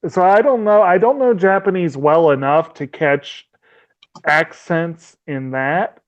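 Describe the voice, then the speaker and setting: A slightly high-voiced man talks slowly in a loose, casual film chat. He laughs often and trails off. The recording is dull and muffled. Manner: laughs often, chatty and hesitant.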